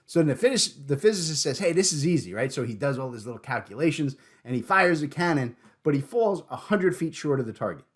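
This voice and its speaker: A man hosting a podcast in casual chat, joking and animated, often stumbling and repeating words. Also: medium pitch, a little fast, hardly any pauses. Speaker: podcast host.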